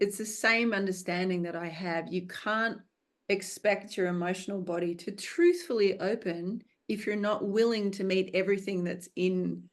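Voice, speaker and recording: A woman film director speaking as a guest in an interview, earnest and reflective, coaching in tone, and stretching some words out for emphasis. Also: mid-range voice. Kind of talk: conversational interview.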